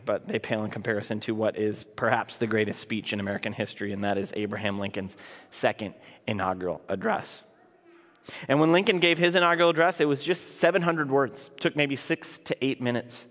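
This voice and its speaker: A man's voice: lowish voice, a bit bright. A man delivering a sermon in a conversational, earnest way, often restarting his words. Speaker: pastor. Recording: long reverb of a large hall.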